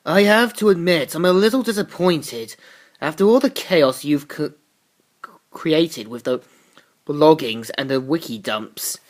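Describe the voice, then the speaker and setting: A woman voicing a smug male villain boss who speaks low and half-whispered. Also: expressive, measured pace.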